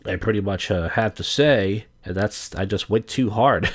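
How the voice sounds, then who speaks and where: A man's voice: on the low side, a little slow. Crude rambling man in his thirties. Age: 30s. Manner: crude, profane, digressive with many fillers. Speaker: podcast host. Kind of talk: casual rambling monologue.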